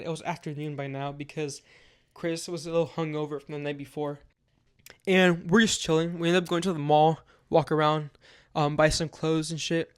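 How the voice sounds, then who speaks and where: A man's voice: on the high side, smooth. A young man telling a casual, rambling story time with lots of filler words and swearing.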